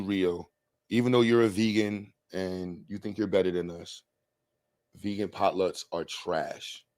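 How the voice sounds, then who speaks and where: Low-voiced man rambling on a livestream. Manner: loose, rambling, slangy with frequent laughs. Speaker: livestream host. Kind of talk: casual livestream chat.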